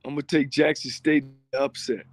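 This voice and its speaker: A man's voice: medium pitch, steady tone, normal speed. A man, a coach guesting on a video call, laid-back with short plain answers. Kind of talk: casual sports chat.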